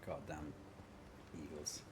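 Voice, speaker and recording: A man's voice: extremely low pitch, monotone, takes it slowly. A man streaming a video game, chatting casually and muttering sarcastic asides to himself. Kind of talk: casual gameplay commentary. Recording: stream audio with background noise.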